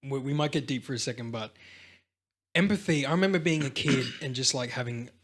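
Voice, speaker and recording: A man's voice: medium pitch, brisk, fairly bright tone. A man co-hosting a podcast, telling a rambling story in casual chat and swearing freely. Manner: rambling storyteller, swears freely, acts out quotes in big voices. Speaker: podcast co-host.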